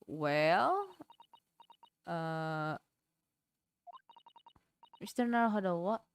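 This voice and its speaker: Woman doing a gentle, courteous young assistant, Indonesian accent, slow. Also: on the low side, expressive, a little hiss or hum, heavily acted. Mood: polite. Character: polite young female judicial assistant.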